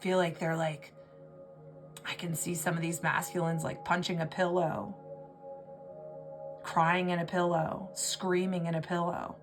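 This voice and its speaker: A woman's voice: fairly low pitch, flat delivery, measured pace, long pauses, over music. A woman giving an intuitive tarot reading, talking in an emotional, rambling way and often restarting her words. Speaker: tarot reader.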